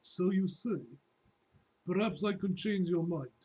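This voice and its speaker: A man voicing a sly, mocking Russian man from a comic book, in a put-on Russian accent with a slow, hammy read. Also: high voice, warm tone, slightly rough, rough recording.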